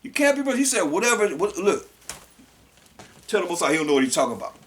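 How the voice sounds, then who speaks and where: A man gives a scripture sermon in a fairly high voice. He reads each verse slowly and then breaks it down in relaxed everyday speech. He often repeats words and whole phrases as he goes. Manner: reads verses slowly then explains in casual street talk. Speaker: preacher.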